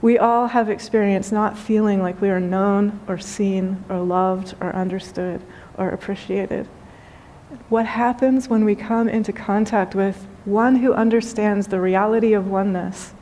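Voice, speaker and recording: A middle-aged woman speaks as a spiritual teacher, gentle and unhurried, with soft emphasis and warm storytelling. Her voice sits in a middle pitch for a woman. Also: a little hiss or hum. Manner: gentle, unhurried, softly emphatic, with light laughs. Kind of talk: spoken dharma talk with storytelling.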